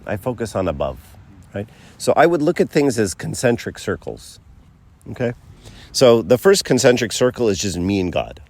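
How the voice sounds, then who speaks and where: Man, very low voice, casual teaching talk to a group, acts out quotes, checks in with "right?". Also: big pitch swings, moderate pace, darkish tone. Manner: conversational, many fillers and asides like "right?"; tells stories by acting out quotes. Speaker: speaker giving a faith talk.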